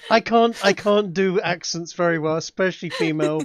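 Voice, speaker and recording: A man's voice: high voice, a little fast, dry recording, clean studio sound. A man with an English accent, narrating as dungeon master, hesitant with frequent restarts. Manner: hesitant, many fillers and restarts. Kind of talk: narrating a tabletop game.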